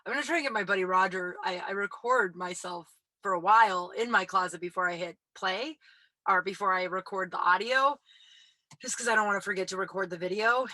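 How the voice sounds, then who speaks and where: A woman hosting her own show, talking casually and rambling, breathy and out of breath, recording in a small closet. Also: on the low side, bright, forceful tone, no echo, rough recording. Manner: chatty, full of "like" fillers. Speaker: podcast host.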